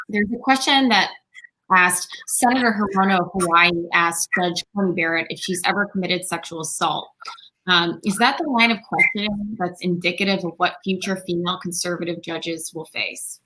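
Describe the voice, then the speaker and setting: A woman moderating an interview, reading out audience questions in a measured way with some ums. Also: fairly low pitch, sharp tone, slight background noise, poor audio.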